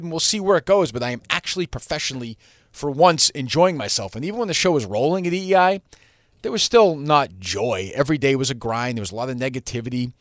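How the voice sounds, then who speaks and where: A man's voice: mid-range voice, fairly bright tone, no room sound, studio quality. A man hosting his own podcast, talking alone in a rambling, blunt style with frequent restarts and some profanity. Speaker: podcast host. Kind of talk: solo podcast monologue.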